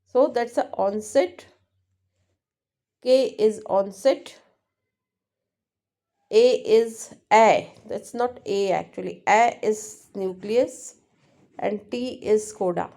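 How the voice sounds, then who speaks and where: A woman teaching linguistics, explaining exam answers slowly and repeating points, often checking with "right?". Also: medium pitch, dark tone. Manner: slow, repetitive, keeps checking with "right?". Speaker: English teacher.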